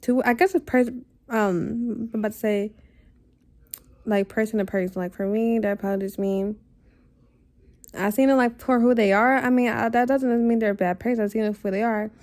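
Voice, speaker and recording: A woman's voice: a little high, steady tone, normal speed, a little mellow. A young woman ranting casually to camera, blunt and exasperated, with lots of filler words. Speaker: vlogger.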